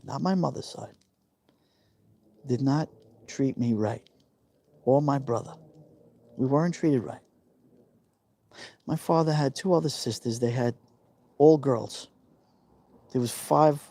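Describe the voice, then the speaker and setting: A man in his fifties with a warm, mellow tone. He tells a personal story in an emotional, confiding way and often repeats himself for emphasis. The sound is dry, with no room echo. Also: mid-range voice, vocal fry. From New York. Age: 50s. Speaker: live-stream host.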